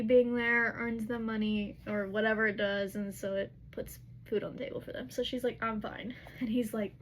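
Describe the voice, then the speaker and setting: Young woman, chatty recap vlogger, a bit high-pitched, loose filler-heavy delivery, faint background hiss. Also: poor audio. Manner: chatty, lots of "like" and "whatever", quick acted quotes in her own voice. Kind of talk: casual book recap.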